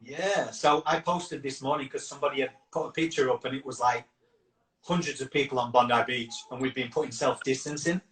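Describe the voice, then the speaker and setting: A man's voice: medium pitch, a little fast, a bit bright. A man hosting a casual live video chat, talking earnestly and rambling, restarting his sentences as he goes. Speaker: campaign founder and host. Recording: roomy echo, distant from the mic.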